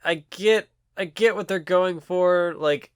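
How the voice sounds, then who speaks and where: A man's voice: sits high, slow, smooth, no room sound, studio quality. A young man co-hosting a casual manga podcast, hesitant at first, then explaining at length. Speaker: podcast co-host.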